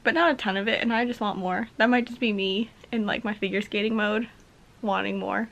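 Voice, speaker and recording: A woman's voice: mid-range voice, fairly even intonation, fairly quick, vocal fry, fairly bright tone, highs cut off. A woman chatting casually to camera at home in a reading vlog, rambling and laughing often. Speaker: book vlogger.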